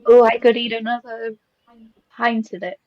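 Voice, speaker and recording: A woman's voice: a little high, flat delivery, normal speed, no room sound, muffled recording, natural voice. A woman with a British accent playing an upbeat, always-hungry rabbitfolk paladin in an eager way.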